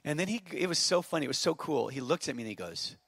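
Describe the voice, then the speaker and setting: A man in his fifties, a pastor preaching a sermon, telling a story and then building to fervent shouted exhortation. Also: a little high, big pitch swings, fast talker, gravelly, slight background noise. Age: 50s. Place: church auditorium.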